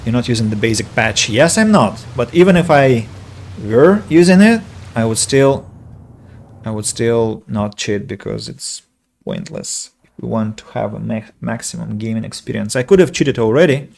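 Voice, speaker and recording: A man's voice: mid-range voice, expressive, normal speed, creaky, a little mellow. A man streaming a video game and chatting casually, a rambling, self-correcting talker who answers viewers' comments aloud. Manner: self-correcting, filler-heavy. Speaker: game streamer and English teacher. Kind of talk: casual let's-play commentary.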